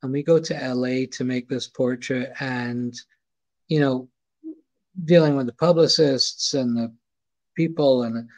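A middle-aged man with a Scottish accent tells a long anecdote in a loose, chatty way. He stumbles, repeats words and circles back as he goes, at a medium pitch. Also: fairly even intonation, a little slow. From Scotland. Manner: rambling, repeats words and restarts often. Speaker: guest, photographer. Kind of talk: casual anecdote storytelling.

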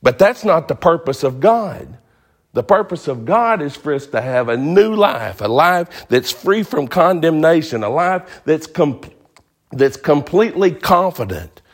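A male pastor delivers a folksy, emphatic sermon. His voice sits slightly high and swoops animatedly, and he repeats key phrases to drive them home. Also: sing-song, measured pace.

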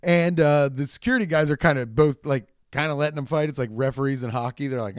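A young man telling a rambling, profane comedic story, acting out the people in it with shouted quotes. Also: on the high side, quick pace, hardly any pauses, dry recording, clean studio sound.

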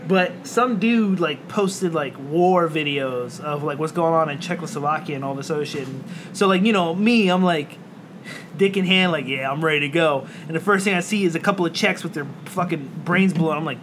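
A man with a high voice, co-hosting a casual podcast. He rambles through crude stories and keeps breaking into laughter. Clear background noise sits under his voice throughout. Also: expressive, normal speed. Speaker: podcast co-host. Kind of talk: casual chat. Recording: noisy room ambience.

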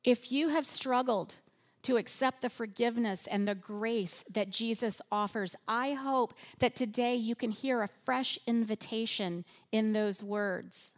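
A woman preaching a sermon in a church, slow and earnest, softening her voice on repeated phrases. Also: a little high.

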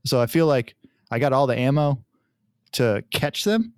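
A man's voice: medium pitch, moderate pace, clear, resonant tone, no room sound, clean studio sound. A man in his thirties, a father of young children, talking casually and telling family stories, sometimes acting out what others said. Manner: relaxed storytelling, acts out family dialogue. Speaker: podcast guest, father. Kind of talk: casual conversation.

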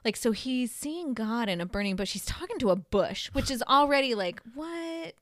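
A woman host telling a Bible story as comedy, animated and profane. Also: fairly high pitch, fairly quick, dry recording, clean studio sound.

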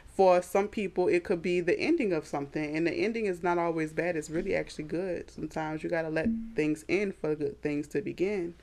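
A woman co-hosting a podcast, casually explaining a word of the day with everyday examples in a relaxed way. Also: sits low, a little fast, hardly any pauses.

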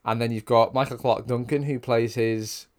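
A man's voice: mid-range voice, fairly even intonation, normal speed. A man co-hosting a casual podcast, sarcastic and sweary, often slipping into mocking quoted voices. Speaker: podcast co-host. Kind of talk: casual chat.

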